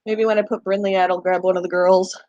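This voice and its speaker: A woman's voice: medium pitch, flat delivery, fast talker, a little mellow, no room sound, muffled recording. A woman hosting a pet channel in a rambling, casual live chat. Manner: chatty, rambling, talks to her pets in between.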